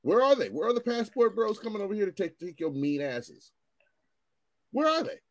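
A man ranting in casual commentary, animated and profane, often repeating himself as he restarts his sentences. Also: high-pitched, moderate pace.

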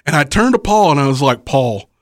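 On a podcast, a guest who works as a wrestling promoter tells a wild story at a brisk clip, his fairly high voice recorded clean in a studio with no room sound. He's animated and profane, cursing freely, laughing a lot and performing the quotes of the people in the story.

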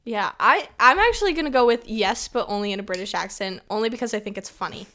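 A young woman co-hosting a casual chat over a video call, giggly and rambling, her voice trailing off softly. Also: on the high side, lively intonation, quick pace. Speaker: co-host.

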